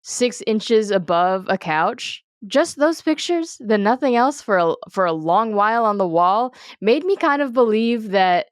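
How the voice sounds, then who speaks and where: A woman co-hosting a podcast, recapping a show with deadpan quips and frequent laughter. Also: mid-range voice, unhurried, few pauses, clean tone, dry recording, studio quality. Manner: deadpan one-word quips, laughs often. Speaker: podcast co-host. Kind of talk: casual recap chat.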